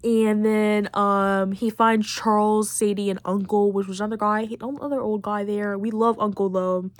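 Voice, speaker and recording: A woman's voice: medium pitch, little pitch movement, moderate pace, dry recording. A young woman hosting a podcast, rambling through a casual recap with lots of fillers and plenty of feeling. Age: late teens. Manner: rambling, heavy on fillers, emotional about the story. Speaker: podcast host.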